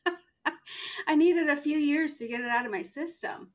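A woman's voice: high voice, moderate pace. A woman in her thirties chatting as a podcast guest, joking about herself and laughing easily. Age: 30s. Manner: self-deprecating, laughs easily. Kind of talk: casual chat.

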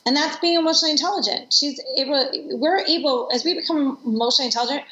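A woman in her forties tells personal stories in an interview, sounding earnest and reflective. Her voice sits a little high. The room is echoey and the sound is dull and lo-fi. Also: quick pace, bright, forceful tone. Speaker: guest. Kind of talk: conversational interview.

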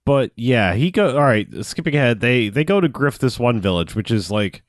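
A man's voice: mid-range voice, expressive, moderate pace, dry recording, studio quality. A man chatting casually as a podcast co-host, recapping a film in a rambling way and acting out lines in put-on voices. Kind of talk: casual movie recap chat.

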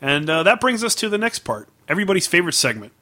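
A man hosting a podcast, in a relaxed, upbeat way with plenty of filler words. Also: sits high, fast talker. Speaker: podcast host. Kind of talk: casual podcast chat.

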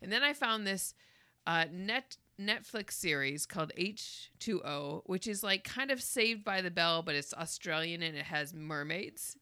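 Woman comedian guest, lowish bright voice, lively storyteller, dry close mic. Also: a little slow, smooth, dry recording. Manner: lively storytelling with frequent laughs. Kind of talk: casual podcast chat.

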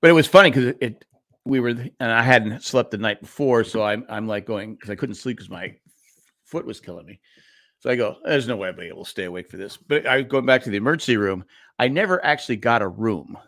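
A man's voice: medium pitch, brisk, a bit bright, no echo, studio quality. Rambling middle-aged man telling a story. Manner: rambling storyteller, restarts and laughs. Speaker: podcast co-host. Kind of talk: casual chat.

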